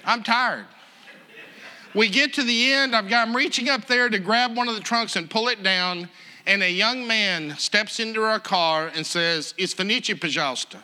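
A man telling a story in a sermon, animated and chuckling as he acts out the other people. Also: sits high, normal speed, clean tone.

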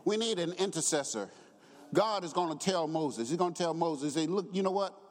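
A man's voice: fairly high pitch, moderate pace. Brief: tenor-range male pastor, impassioned church sermon, hall reverb. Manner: rising to shouted preaching, acts out quotes, chuckles. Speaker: preacher.

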